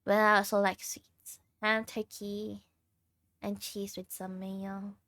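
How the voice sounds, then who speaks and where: Slow, giggly young woman streamer. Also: medium pitch, flat delivery, a bit bright, no room sound. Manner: laughs often while chatting. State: tired, sleep deprived. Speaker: livestreamer. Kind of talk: casual chat with viewers.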